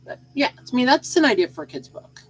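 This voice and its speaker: A woman hosts a solo podcast in a fairly high, husky voice, very animated and quick, on a low-quality recording. She's sleepy and rambles casually, full of fillers and repeated phrases.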